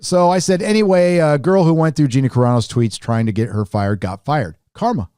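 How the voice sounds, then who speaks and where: A man's voice: a little high, a little fast, mellow, clear, resonant tone, dry recording, clean studio sound. A middle-aged man hosting a casual commentary show, talking in a sarcastic, mocking way. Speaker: host.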